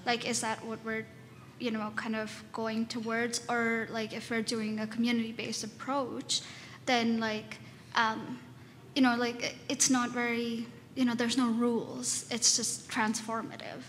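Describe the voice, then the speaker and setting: Female audience member, flat and halting, asking a question in an echoing hall. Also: fairly high pitch, slight background noise. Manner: hesitant, many fillers. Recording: reverberant hall with faint ambience.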